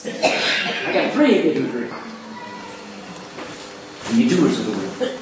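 A man preaching a sermon as pastor, animated, slipping into quick voices for the people he mimics. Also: mid-range voice, background noise. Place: church. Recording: echoey church hall, distant mic.

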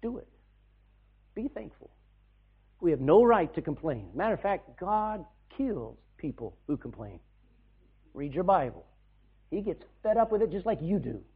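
Animated high-voiced male preacher, tinny sound. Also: a little slow, pauses often, breathy edge. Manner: animated storytelling, shouting bursts and hushed asides. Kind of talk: sermon.

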